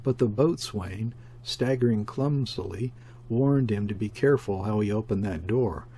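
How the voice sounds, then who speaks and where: A man narrating a classic sea story as an audiobook reader, in a steady, measured way. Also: on the low side, a little hiss or hum.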